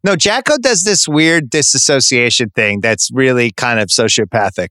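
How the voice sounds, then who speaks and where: A man talks sports with a friend in loose, animated banter, stopping and restarting his sentences as he gets worked up. His voice is bright and forceful, and the sound is dry and close. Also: medium pitch, moderate pace, clean tone, no room sound. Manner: animated, ranting, self-interrupting. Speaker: sports podcast host.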